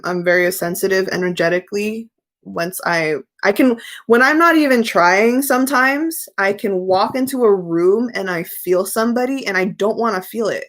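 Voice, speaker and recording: A young woman chats loosely on her live stream about tarot, reading out viewer questions as they come in. She answers frankly and easily, like she is talking with friends. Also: mid-range voice. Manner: chatty, candid, reads viewer questions aloud and answers them.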